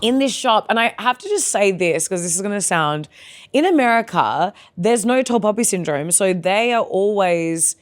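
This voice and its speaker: A young woman with an Australian accent, a comedian chatting as a guest and telling animated stories full of acted-out quotes. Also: mid-range voice, moderate pace. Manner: animated storyteller, acts out quotes, calls people babe. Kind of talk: casual chat.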